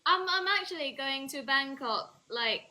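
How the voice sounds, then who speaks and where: A woman's voice: sits high, animated, moderate pace, pushed and bright, poor audio. A young woman from southern Thailand, a native Thai speaker with a British accent she picked up herself, chatting casually as a guest and often repeating words as she starts a sentence. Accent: Thai speaker with a learned British accent. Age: young adult. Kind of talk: casual conversation.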